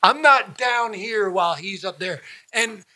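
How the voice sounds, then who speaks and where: A man's voice: high voice, a little slow, bright, forceful tone, no echo. A man who is a stand-up comedian talking as a podcast guest, blunt and profane, repeating himself for emphasis and laughing mid-sentence. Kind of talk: casual podcast conversation.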